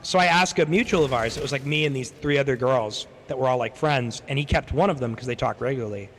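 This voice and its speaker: A man's voice: mid-range voice, fast, fairly bright tone. A young man chatting casually on his stream, rambling through a story, swearing freely and acting out what other people said. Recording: long reverb, faint background noise.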